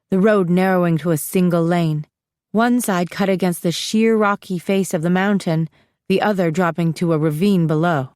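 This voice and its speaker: A woman narrating a first-person audiobook with steady, even storytelling, recorded close in a dry studio. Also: lowish voice, dry recording.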